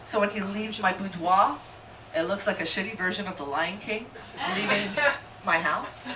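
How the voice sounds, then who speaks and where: A middle-aged woman doing a stand-up comedy set, brash and crude, rising to shouted rants. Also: medium pitch, moderate pace. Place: comedy club stage with audience. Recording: echoey room, distant mic, loud crowd noise.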